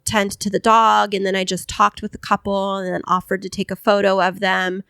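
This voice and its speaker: A woman's voice: medium pitch, normal speed, vocal fry, clean tone, dry recording. Chatty woman telling a story, dry sound. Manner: animated storyteller acting out quoted voices. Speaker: podcast co-host. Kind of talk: casual storytelling chat.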